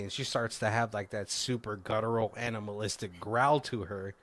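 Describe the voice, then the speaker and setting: A man's voice: fairly low pitch, fairly even intonation, moderate pace, hardly any pauses. A man casually recapping a movie plot on a podcast, rambling with lots of fillers and self-corrections. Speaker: podcast co-host.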